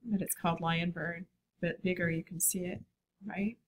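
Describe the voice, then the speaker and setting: A woman's voice: lowish voice, fairly even intonation, normal speed, a little hiss or hum. Chatty, enthusiastic woman teaching design. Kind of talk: classroom lecture.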